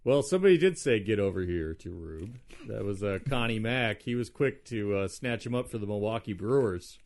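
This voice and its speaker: A man's voice: fairly low pitch, expressive, moderate pace, darkish tone. A man co-hosting a podcast, rambling and teasing his friends in casual chat. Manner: rambling, teasing, many fillers. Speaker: podcast co-host.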